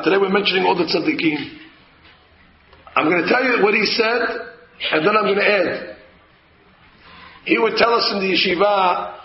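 A man with a high voice delivers a lively Torah class, telling stories and acting out the people in them. The sound is echoey and dull, like a lo-fi room recording. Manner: animated storytelling, acting out a flustered husband. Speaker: rabbi teaching a Torah class. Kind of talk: sermon-style Torah class.

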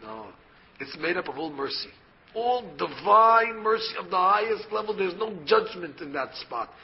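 A man's voice: high-pitched, expressive, moderate pace, lo-fi sound. A man, a rabbi, giving a Torah lecture and explaining by asking questions and answering them himself. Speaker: rabbi teaching a Torah class.

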